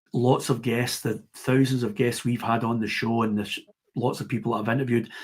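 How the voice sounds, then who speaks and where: A middle-aged Scottish man, a football broadcaster, chatting as a guest in a podcast interview and telling lively stories, acting out the players he quotes. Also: mid-range voice, breathy edge. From Scotland. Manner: lively storyteller who acts out the players he quotes. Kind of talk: casual interview chat.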